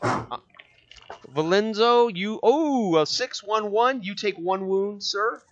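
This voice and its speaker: A man acts as game master for a tabletop game, chatting casually in a halting way full of fillers and restarts. His voice is high-pitched, animated, and a bit bright, picked up by a dull lo-fi mic.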